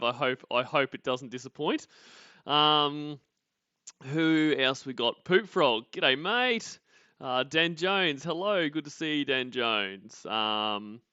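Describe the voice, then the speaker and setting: A man's voice: mid-range voice, pushed and bright, no echo. A man hosting a casual livestream, greeting viewers by name in a chatty, joking way. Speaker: livestream host. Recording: dull lo-fi sound.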